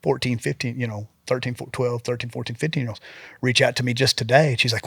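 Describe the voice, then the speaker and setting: A man's voice: medium pitch, steady tone, fast talker, vocal fry, fairly bright tone, slightly rough, dry recording, studio quality. A man in his forties, a police officer, telling stories as a podcast guest in an earnest, rambling way and acting out what others said. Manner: earnest, rambling, acts out quotes. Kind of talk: casual podcast storytelling.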